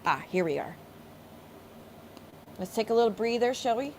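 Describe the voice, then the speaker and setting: A woman's voice: a little high, lively intonation, normal speed, slight background noise. A woman hosting a livestream, ranting angrily with heavy profanity and sarcastic mockery. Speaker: streamer host. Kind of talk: livestream rant.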